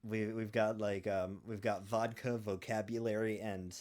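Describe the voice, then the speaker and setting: A man with a fairly low voice, chatting casually as a podcast co-host. He talks in a relaxed, unhurried way and fills his pauses with ums and you-knows. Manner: relaxed, filler-heavy, deliberate. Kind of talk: casual chat.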